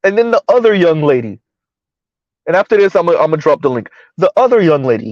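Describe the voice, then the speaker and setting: A man with a fairly high voice hosts a casual live stream, answering his chat with mocking sarcasm. The sound is dry, with no room around it, and a little dull. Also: lively intonation, fast talker, a little mellow, no room sound.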